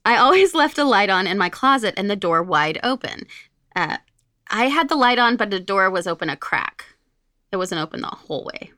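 A woman's voice: mid-range voice, lively intonation, normal speed, pushed and bright, no room sound, clean studio sound. A woman co-hosting a podcast, reading a listener's spooky story aloud and giggling as she chats. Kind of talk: casual chat and story reading.

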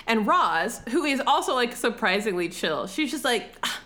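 Animated woman chatting and laughing. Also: on the high side, normal speed, long pauses. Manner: animated, laughs often, acts out characters' lines. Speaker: podcast co-host. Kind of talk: casual chat recapping a film.

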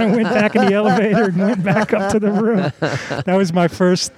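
A man recalling old tour stories in casual conversation, lively and animated. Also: high-pitched, fairly quick, slightly rough. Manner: lively storyteller who acts out quotes. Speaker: co-host, former road manager.

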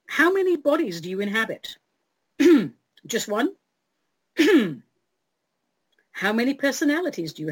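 Husky, animated woman radio host. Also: a little high, no echo, poor audio. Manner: theatrical and playful, addresses listeners fondly. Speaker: radio show host answering listener letters. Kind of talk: advice segment on an internet radio talk show.

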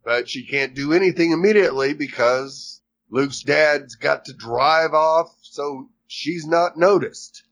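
A man co-hosting a podcast, retelling the plot of a series in a measured, matter-of-fact way. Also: on the high side, fairly bright tone. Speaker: podcast co-host recapping a series. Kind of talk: casual chat.

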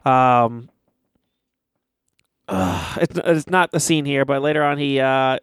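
Young man, casual storyteller, swears a lot, mid pitch, dry close mic. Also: takes it slowly, clear, resonant tone, no echo. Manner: animated, swears often, acts out quotes. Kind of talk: casual chat, retelling a movie.

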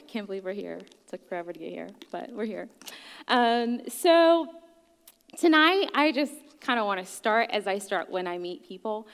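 A woman's voice: mid-range voice, smooth. 30s woman from gabon telling her story on stage, lots of ums, hall reverb. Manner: candid, joking, many ums. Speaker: guest speaker. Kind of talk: personal story talk.

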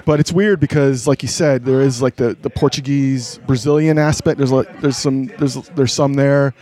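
A man's voice: medium pitch, fairly even intonation, moderate pace, mellow. A man from North Carolina, a guest on a podcast, talking in a laid-back, hesitant way with dry humor. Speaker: guest, photographer. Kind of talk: casual interview chat.

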